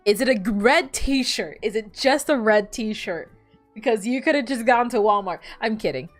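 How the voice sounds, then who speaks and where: A woman's voice: a little high, normal speed. Chatty young woman streamer. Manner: chatty, laughs often, swears, animated storytelling. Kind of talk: casual gameplay chat. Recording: faint background music.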